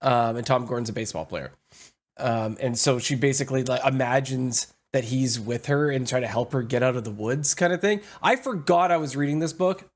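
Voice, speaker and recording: A man's voice: medium pitch, brisk. A man hosting a podcast, chatting in an easygoing, enthusiastic way. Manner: easygoing, enthusiastic about books. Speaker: podcast host. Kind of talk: casual podcast chat.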